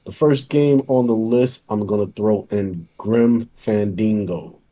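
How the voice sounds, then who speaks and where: A man co-hosting a casual podcast, enthusiastically pitching game deals and repeating himself, heard over choppy online call audio. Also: slow, dark tone, a little hiss or hum.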